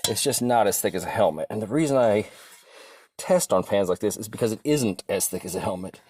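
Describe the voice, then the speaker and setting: A man's voice: lowish voice, a little fast, slightly rough. Man chuckling through a casual weapon demo. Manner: relaxed, chuckling, thinking aloud. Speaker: video host demonstrating weapons. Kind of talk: casual demonstration commentary. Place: outdoors or in a workshop during a test-cutting session.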